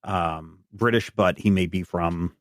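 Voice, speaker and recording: A man narrating as game master of a tabletop game, rambling with many pauses and fillers. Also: low-pitched, fairly bright tone, dry recording, studio quality. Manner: rambling, many "uh"s and restarts while describing.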